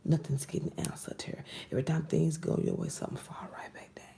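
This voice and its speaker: A woman's voice: low-pitched, steady tone, fairly quick, gravelly, warm tone. A woman giving a casual tarot reading to camera, blunt and exasperated, often dropping into whispered asides. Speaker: tarot reader.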